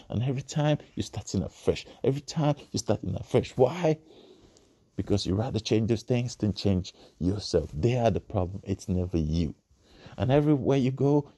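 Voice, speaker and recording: Motivational guy preaching, gravelly and husky, low and dark, keeps repeating himself. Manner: preachy, repeats phrases, builds to emphatic bursts. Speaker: motivational speaker. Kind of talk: motivational speech.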